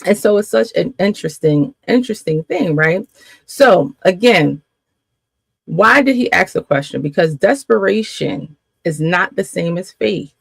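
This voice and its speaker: Animated woman teaching faith, gravelly voice. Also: fairly low pitch, a little slow, dry recording. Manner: animated, repeats lines for emphasis, laughs often. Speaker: faith coach.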